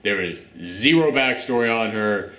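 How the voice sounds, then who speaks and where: A man's voice: on the low side, expressive, normal speed, bright, forceful tone. A man hosting a casual film review chat, blunt and sarcastic, swearing freely as he picks the movie apart. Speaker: film review show host. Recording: roomy echo.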